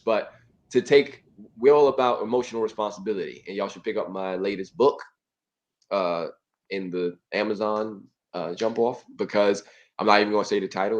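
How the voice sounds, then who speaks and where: A man's voice: on the low side, dull audio. A man hosting a casual relationship talk show, playful and acting out examples. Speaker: host and relationship author. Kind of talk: casual podcast chat.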